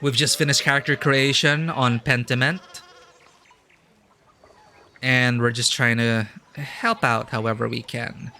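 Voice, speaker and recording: A man's voice: medium pitch, steady tone, unhurried, long pauses, bright, forceful tone, a little hiss or hum. A man streaming a story game, chatting casually and thinking aloud with lots of fillers. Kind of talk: casual live-stream chat.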